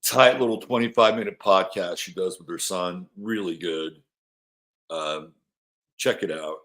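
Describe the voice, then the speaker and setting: A man with a fairly low voice hosts an astrology show in a loose, casual way. He rambles and repeats phrases as he thinks aloud. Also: a little slow. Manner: rambling, chatty, repeats himself; coos softly to his dog. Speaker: astrology podcast host.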